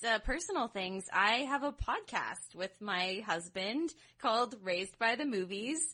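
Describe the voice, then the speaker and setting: A woman's voice: medium pitch, lively intonation, unhurried, sharp tone. A woman guest on a podcast, chatting casually and laughing often. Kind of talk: casual chat.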